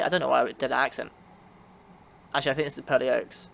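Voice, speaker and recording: A man's voice: mid-range voice, fairly quick, creaky, fairly bright tone, slight background noise. A man streaming a train simulator, chatting casually and answering his chat with frequent laughs. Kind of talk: casual livestream commentary.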